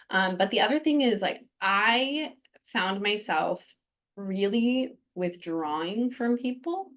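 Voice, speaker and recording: A woman hosting a podcast, talking candidly and earnestly about her own experience, with frequent fillers and restarts. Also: mid-range voice. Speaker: podcast host. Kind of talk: candid personal talk.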